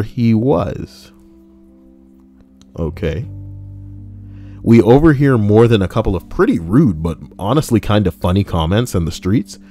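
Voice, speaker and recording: A man's voice: sits low, warm tone. A man casually reading internet posts aloud and joking about them, with plenty of swearing and asides. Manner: jokey, swears, breaks into laughter and mock voices. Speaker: reddit story reader and streamer. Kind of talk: casual live reading with commentary. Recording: light guitar music underneath.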